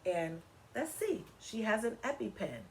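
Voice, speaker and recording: Animated woman reading aloud to kids. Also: medium pitch, measured pace, a little hiss or hum. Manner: animated, teacherly, asks children questions. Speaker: children's story reader. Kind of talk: read-aloud for children.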